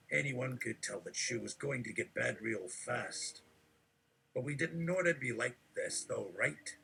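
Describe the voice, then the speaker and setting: A man reading absurd text aloud in a deadpan, mock-preachy delivery, with a gravelly voice. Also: fairly low pitch, a little hiss or hum, poor audio.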